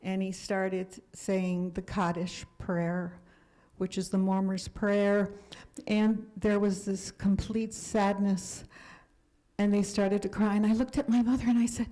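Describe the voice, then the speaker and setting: Older woman, seventies, guest speaker, personal storytelling, earnest, warm mellow voice. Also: mid-range voice, level tone, unhurried, poor audio. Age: 70s. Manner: earnest, drops to a hush for emphasis.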